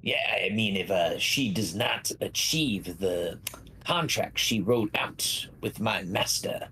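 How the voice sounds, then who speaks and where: A man's voice: on the low side, lively intonation, slow, bright, forceful tone, a little hiss or hum, full character voice, rough recording. A man voicing a sly male imp, a devil's servant who speaks with slick politeness. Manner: smooth, slyly polite.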